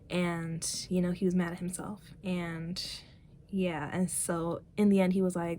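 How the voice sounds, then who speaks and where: A woman's voice: lowish voice, level tone, unhurried, dark tone, a little hiss or hum. A woman vlogger chatting casually, rambling with many fillers as she retells a story. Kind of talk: casual chat.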